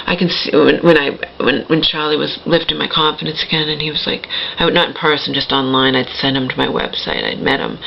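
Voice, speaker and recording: A woman's voice: deep voice, creaky, dull audio, slight background noise. A middle-aged woman telling a personal story to the camera in a rambling, emphatic way, often checking in with "okay?". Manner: rambling, emphatic, repeats "okay?" and self-corrects. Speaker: vlogger.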